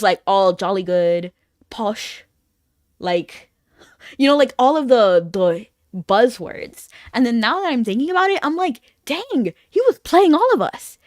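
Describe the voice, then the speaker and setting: A chatty woman streamer talks casually to her viewers while she plays a game, her slightly high voice rising and falling in a very lively way. She rambles through stories and laughs often. The sound is close and dry, with almost no room echo. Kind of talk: casual chat while playing an online game.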